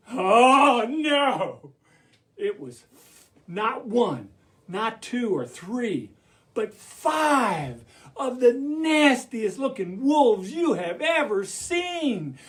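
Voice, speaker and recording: A man performing an interactive children's story, animated and full of call-and-response. His voice sits high and bounces all over the place as he leads the crowd. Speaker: storyteller, puppeteer.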